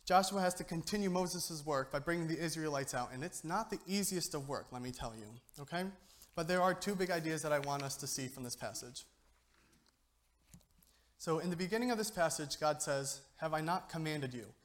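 A man's voice: fairly high pitch, expressive, a little fast, fairly bright tone. A young man giving an informal sermon to a church, joking and chatty, often checking in with the listeners. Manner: joking, conversational, keeps asking "okay?". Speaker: lay speaker giving a youth sermon.

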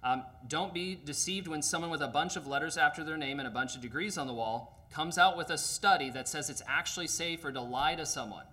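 A man preaching an earnest, emphatic sermon, often pausing with fillers. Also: a little high, bright, forceful tone.

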